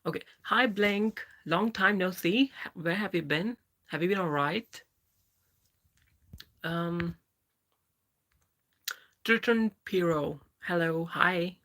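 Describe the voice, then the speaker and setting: A trans woman in her thirties hosting a live Q&A, reading viewer comments aloud and greeting people by name in a halting, self-correcting way. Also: fairly low pitch, a bit bright. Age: 30s. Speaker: livestream host.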